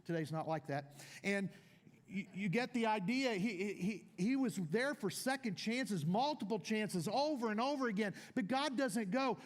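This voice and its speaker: An older man, the pastor of his church, preaching a sermon and swinging between loud declarations and low asides. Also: expressive, a little slow.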